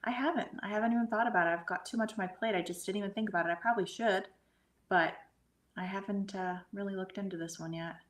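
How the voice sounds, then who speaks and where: A middle-aged woman speaking as a guest medium, telling a personal experience earnestly and often dropping into soft, breathy asides. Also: mid-range voice, steady tone, quick pace. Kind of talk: casual storytelling conversation.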